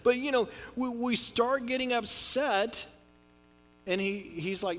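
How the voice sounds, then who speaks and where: A middle-aged man preaching a sermon in a conversational, joking way, with swings from loud to quiet. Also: very high voice, takes it slowly, slight background noise. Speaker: pastor.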